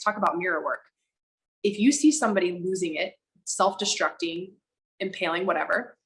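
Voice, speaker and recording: Emphatic, lower-voiced woman telling her story. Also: low-quality recording. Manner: animated, emphatic, acts out quoted voices, swears for emphasis. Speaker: podcast guest. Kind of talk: candid conversational storytelling.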